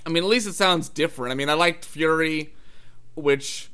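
A man's voice: on the high side, moderate pace, bright, forceful tone, smooth. A man co-hosting a casual movie chat, rambling and hedging as he talks. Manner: rambling, hedging with "I mean" and "it's like".

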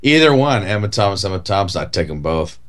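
A man's voice: sits low, very animated, fast talker, a bit bright. A man co-hosting a casual chat, rambling with lots of "like" and "you know". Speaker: podcast co-host.

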